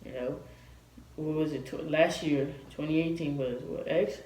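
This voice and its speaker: A young man talking in a casual podcast chat, slangy and looping back over his words with a slightly high voice. He sounds like he's in an echoey room. There's a faint hiss under him. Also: fairly even intonation, moderate pace, darkish tone. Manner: slangy, repeats himself, says bro a lot. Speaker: podcast co-host.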